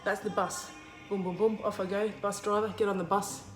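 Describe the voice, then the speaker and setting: A woman's voice: mid-range voice, flat delivery, fairly quick, music in the background. Chatty Australian woman in echoey kitchen. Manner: chatty, lots of fillers, acts out quoted lines. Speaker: cooking video host. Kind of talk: casual storytelling while cooking.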